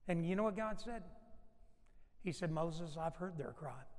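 A man's voice: on the high side, lively intonation, normal speed, a little mellow. Preaching man in a reverberant hall. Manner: emphatic preaching, acting out Bible dialogue. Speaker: pastor. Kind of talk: sermon.

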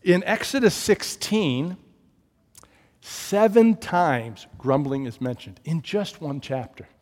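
Guy preaching a sermon, kinda high voice, big echoey church hall, goes loud then drops real quiet. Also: slow pace. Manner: storytelling, swings from loud emphasis to hushed low tones. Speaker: pastor.

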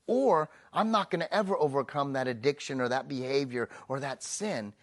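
Here a male pastor gives a forceful sermon, lingering on the key words and sinking into a soft, low register when a thought wraps up.

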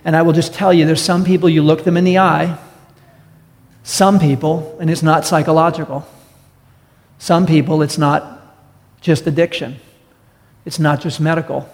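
A man preaching in a church sanctuary, his somewhat high voice carried on a long hall reverb. He is a pastor in full sermon mode, direct and emphatic, and he keeps putting rhetorical questions to the congregation. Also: little pitch movement, normal speed, pauses often, a little mellow.

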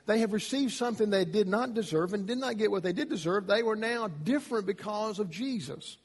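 A man preaching a sermon, emphatic, his voice rising in pitch and loudness on key points. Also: animated, brisk, slightly rough, big-room sound. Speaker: pastor.

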